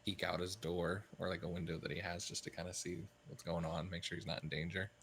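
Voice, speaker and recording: A man with a low voice playing a tabletop game. He talks loosely and hesitantly as he describes what his character does. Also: little pitch movement, brisk, a bit bright, a little hiss or hum. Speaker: player. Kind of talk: tabletop game play, casual.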